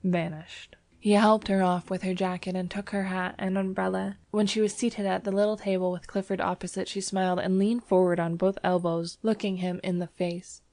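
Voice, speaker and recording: A woman narrating a classic story in a measured, even way. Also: medium pitch, no room sound. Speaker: audiobook narrator. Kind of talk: scripted narration.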